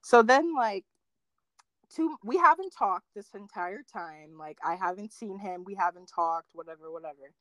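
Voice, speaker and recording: A young woman telling dating stories in casual chat, full of "like" fillers and quoting others with big jumps in pitch. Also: moderate pace, dry recording. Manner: animated storyteller, acts out quotes with big pitch jumps, many "like" fillers.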